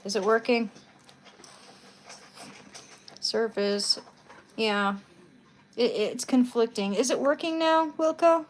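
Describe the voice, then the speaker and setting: A woman's voice: on the high side, unhurried, a little hiss or hum. A young woman live streaming from her bedroom at home, chatting casually into her phone in rambling asides.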